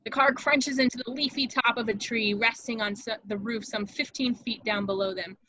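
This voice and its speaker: A woman narrating the stage directions at an amateur table read with a dramatic, expressive delivery. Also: a little high, normal speed, no room sound, rough recording.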